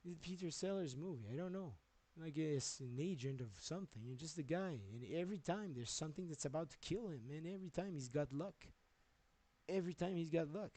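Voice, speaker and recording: A man's voice: fairly high pitch, a little fast, dark tone, low-quality recording. A man ranting on his own livestream, agitated and rambling, with plenty of swearing. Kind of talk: rambling solo livestream rant.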